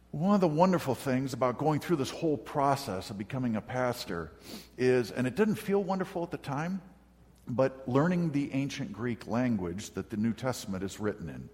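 A man delivers a sermon in a calm, conversational, storytelling manner, slipping in light humor as he goes. His voice sits at an ordinary middle pitch for a man. The sound carries a long hall reverb, as if recorded in a large church. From northern United States. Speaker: pastor.

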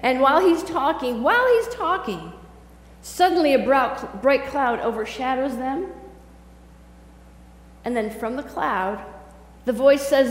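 A high-pitched woman pastor delivers a sermon, talking to the congregation in a casual, animated storytelling style. Her voice rings through a church sanctuary with long, echoing reverb. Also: unhurried, long pauses. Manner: conversational, animated storytelling preaching.

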